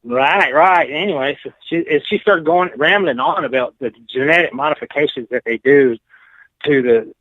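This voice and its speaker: A Texan man with a slightly high voice speaks at a moderate pace, telling his story frankly and at length as an interview guest, with plenty of "you know." It's a casual storytelling chat over a tinny phone line, and the recording is dry.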